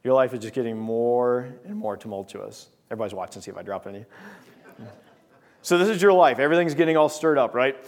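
A male preacher giving a sermon with an object lesson, talking straight to the congregation in an animated way. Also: medium pitch, quick pace.

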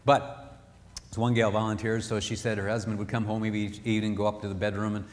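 Speaking fast in a low-side voice with flat delivery, a man gives a live marriage seminar talk, telling stories and voicing the people he quotes. He's emphatic and repeats phrases. Faint background noise and hall reverb are audible.

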